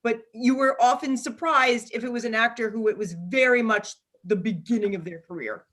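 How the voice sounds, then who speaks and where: A woman with a New York accent co-hosting a casual group chat, telling stories in a talkative, animated way. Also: on the high side, normal speed. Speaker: podcast co-host.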